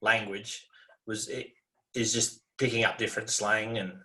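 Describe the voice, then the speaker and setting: A man's voice: on the low side, flat delivery, measured pace, pushed and bright. An Australian man chatting casually over a video call, easygoing and rambling, laughing often. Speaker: guest.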